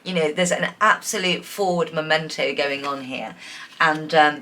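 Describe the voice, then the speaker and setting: A woman doing a pick-a-card tarot reading to camera, chatty and encouraging, laughing often and filling pauses with ums. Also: sits low, a little hiss or hum. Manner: chatty, giggly, warm and encouraging, many fillers. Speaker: tarot reader.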